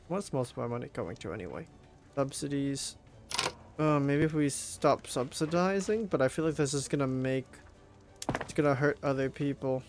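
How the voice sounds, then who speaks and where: A man's voice: mid-range voice, expressive, moderate pace, faint music behind. A young man commenting on his strategy game, groaning, swearing and pleading at it as things go wrong. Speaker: gameplay commentator.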